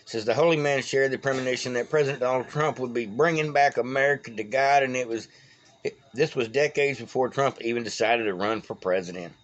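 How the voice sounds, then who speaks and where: A Texas-born political vlogger with a matching accent talks casually and folksily on his own, wandering off track and fumbling names. He has a mid-range voice and speaks a little fast, and the phone recording sounds lo-fi.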